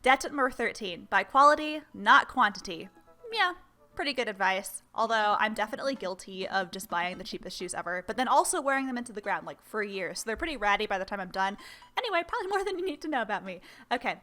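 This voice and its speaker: A woman's voice: medium pitch, lively intonation, quick pace, pushed and bright. A young woman casually playing and reading a game aloud, making chatty, self-deprecating asides. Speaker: let's play host.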